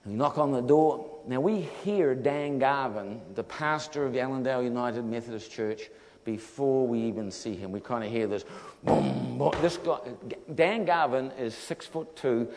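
A man telling a funny travel story in a sermon, animated and laughing often. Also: medium pitch, normal speed, a little hiss or hum. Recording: long hall reverb.

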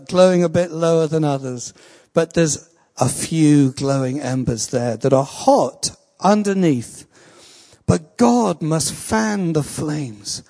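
A man preaching a sermon in an earnest, slow and emphatic way, reading a testimony aloud. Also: sits high, darkish tone. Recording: long reverb of a large hall.

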